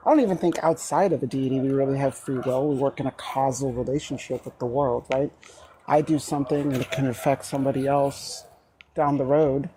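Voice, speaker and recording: A woman's voice: a bass voice, steady tone, brisk, dark tone, a little hiss or hum, rough recording. A woman calling into a live show, speaking thoughtfully with hesitant fillers. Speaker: caller. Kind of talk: casual call-in chat.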